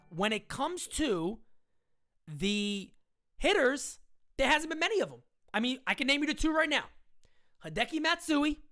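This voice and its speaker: Hyped, lively live-stream host woman. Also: a little high. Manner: hyped, slangy, shouting out viewers. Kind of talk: live-stream sports chat.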